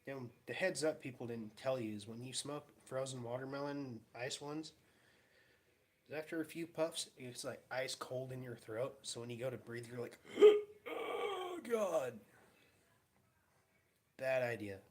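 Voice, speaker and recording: In his home garage, a young male vlogger casually tells rambling stories, laughing as he goes and acting out the quotes. His voice is medium-pitched and his speed is normal.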